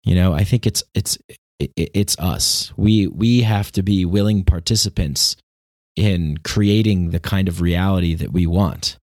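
Guy with a lowish voice musing on his podcast, loose and wandering, dry close sound. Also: unhurried, a little mellow, dry recording. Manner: rambling and reflective, with frequent restarts and laughs. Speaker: podcast host. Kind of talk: casual monologue.

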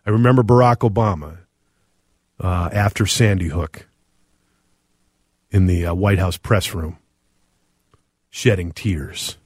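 Earnest male radio talk host, middle-aged, low voice, dry studio sound. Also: darkish tone, dry recording. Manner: earnest, reflective, with frequent "uh" pauses. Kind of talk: radio call-in talk, reading listener texts.

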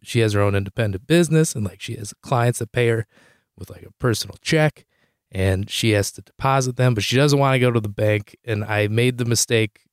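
A young man hosting a podcast rambles through a comic story with lots of "like" fillers and restarts, swearing freely. His pitch jumps high whenever he quotes himself. The sound is dry and clean, studio quality.

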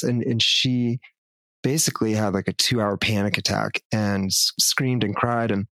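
A man who works as a ketamine therapist, telling stories in a reflective, measured way during a casual podcast conversation. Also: on the low side, pushed and bright, no echo.

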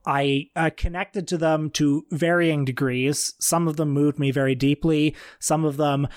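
A man's voice: fairly high pitch, steady tone, clean tone, no echo. Man in dry, close film podcast talk. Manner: measured, reads quotes aloud, occasional stumbles. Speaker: podcast co-host. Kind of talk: casual film discussion.

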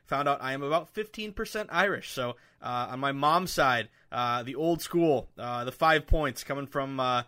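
A man hosting a sports betting podcast, chatting casually from home with lots of fillers and excitement. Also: mid-range voice, normal speed, few pauses. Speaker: podcast host. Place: home room with window open.

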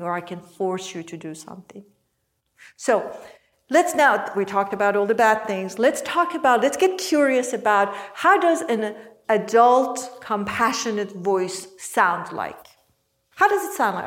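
Woman leading a workshop, calm and reflective, keeps asking the group questions. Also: medium pitch. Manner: calm, asks the listeners questions. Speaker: workshop teacher and podcast host. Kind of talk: reflective teaching talk to a group.

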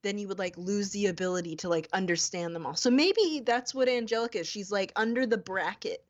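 A woman's voice: medium pitch, brisk, no room sound. Young woman podcast cohost, rambly, searches for words, slightly dull lo-fi sound. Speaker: podcast co-host. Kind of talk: casual chat.

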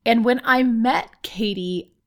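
Woman, podcast host, loud, chatty, expressive, slightly high voice, solo monologue. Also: slow pace.

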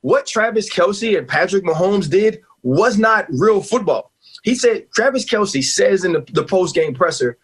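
Brief: husky man in his forties, sports radio guest, emphatic and lively, slightly high voice. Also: a little slow. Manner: animated, emphatic, laughs often. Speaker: guest analyst, former player.

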